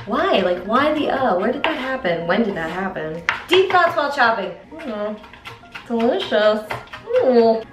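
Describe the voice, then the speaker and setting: A woman's voice: mid-range voice, very animated, moderate pace. Chatty playful woman doing a cooking vlog, kinda far from the mic in a roomy kitchen, faint music under. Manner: chatty and playful, with jokey asides. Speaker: cooking vlogger. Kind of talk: casual cooking demo chat. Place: home kitchen.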